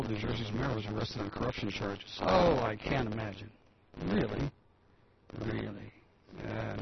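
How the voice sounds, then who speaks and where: A man's voice: fairly low pitch, gravelly. A man hosting a talk show, rambling through news items with chatty asides and reading bits aloud. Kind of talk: casual news commentary. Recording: dull lo-fi recording with loud background hiss.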